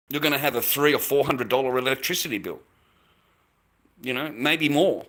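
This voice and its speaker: Australian man, forceful bright tone, blunt streamer rant, swears freely, repeats points. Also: mid-range voice, moderate pace, long pauses. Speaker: livestream host. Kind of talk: casual ranting to viewers.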